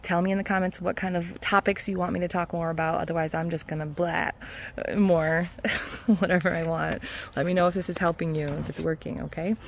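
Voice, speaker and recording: A woman hypnotherapist talking casually in a self-help vlog, earnest and encouraging, with soft laughs. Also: lowish voice, steady tone, brisk, slight background noise. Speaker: hypnotherapist and mindset coach.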